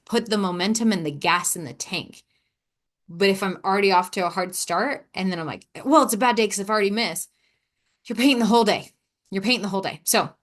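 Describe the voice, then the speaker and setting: Chatty woman telling a story. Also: lowish voice. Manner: chatty, animated storytelling with acted-out quotes. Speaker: podcast host. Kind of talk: casual monologue.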